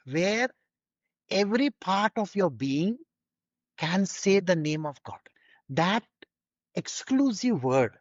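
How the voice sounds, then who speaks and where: A man's voice: high-pitched, no echo, dull audio. A man giving an informal spiritual teaching, conversational and full of rhetorical questions.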